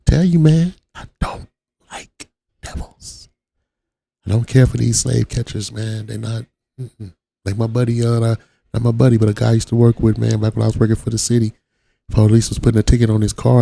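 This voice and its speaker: A man's voice: medium pitch, gravelly, dark tone, no echo. A man from Watts giving blunt, profane reaction commentary on a video as the channel host. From Watts, Los Angeles. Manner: blunt, profane street talk.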